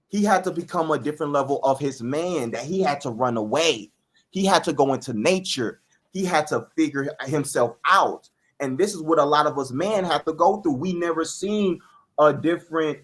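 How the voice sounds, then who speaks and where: Earnest man with a slightly high voice. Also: a bit bright. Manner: earnest, repeats key phrases for emphasis. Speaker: guest. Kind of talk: spiritual podcast conversation.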